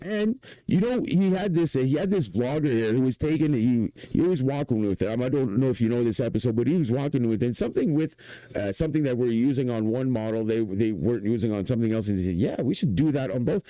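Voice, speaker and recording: A man from Canada with a Quebec French accent, ranting excitably on a livestream, swearing and saying "man" again and again. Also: mid-range voice, fast, no room sound. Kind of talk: casual livestream rant.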